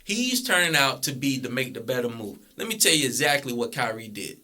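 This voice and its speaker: Bright-voiced young male podcaster. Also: mid-range voice, sing-song, a little fast. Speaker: podcast co-host. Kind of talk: casual sports debate.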